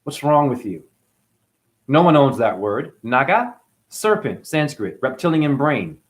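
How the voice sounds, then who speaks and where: A man's voice: mid-range voice, big pitch swings, unhurried. Guy going off on a mocking rant, voice swinging up and down a lot. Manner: combative, mocking, jumpy delivery. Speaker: channel host. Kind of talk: profane ranting monologue to camera.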